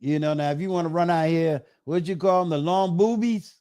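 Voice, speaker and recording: A man's voice: on the high side, smooth, no echo, clean studio sound. Middle-aged man hosting a loose live chat. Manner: relaxed, drawn-out phrasing with many fillers. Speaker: host. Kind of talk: casual live-stream chat.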